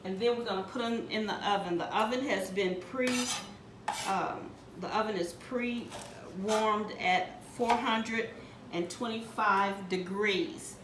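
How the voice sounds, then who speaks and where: A woman's voice: medium pitch, takes it slowly. Woman giving homey cooking instructions. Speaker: home cook demonstrating a recipe. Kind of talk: casual cooking tutorial. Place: home kitchen. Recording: echoey kitchen from a distant mic with background noise.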